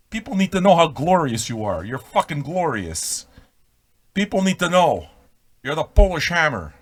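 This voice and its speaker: A middle-aged man hosting a casual radio show, rambling and swearing in a jokey way, with sudden loud bursts. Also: mid-range voice. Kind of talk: casual profane radio banter.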